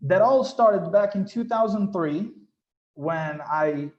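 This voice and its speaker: Lively man in his thirties, slightly high. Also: slow pace, muffled recording. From Brazil. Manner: lively, slangy, acts out quotes. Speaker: panelist. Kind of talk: animated storytelling in a panel discussion.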